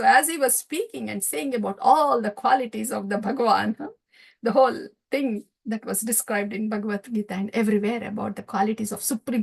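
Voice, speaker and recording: A woman leads a devotional scripture class, retelling the story with animated rhetorical questions. Her voice sits notably high. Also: slightly rough. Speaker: scripture teacher.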